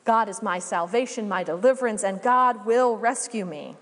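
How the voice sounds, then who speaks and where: A woman's voice: mid-range voice, moderate pace, fairly bright tone, long reverb tail, close to an everyday voice. Woman voicing a stubborn devout man. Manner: insistent, repeating his faith.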